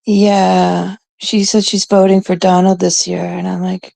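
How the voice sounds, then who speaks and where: A young woman from Canada chatting casually with viewers in a rambling way, now and then dropping into hushed asides. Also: mid-range voice, takes it slowly, vocal fry, dry recording. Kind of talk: casual chat.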